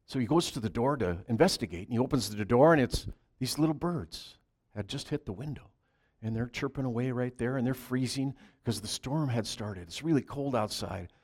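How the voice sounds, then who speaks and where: Soft-spoken man telling a story. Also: medium pitch, animated. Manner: soft, halting, drops to a hush. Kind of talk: Christmas Eve storytelling.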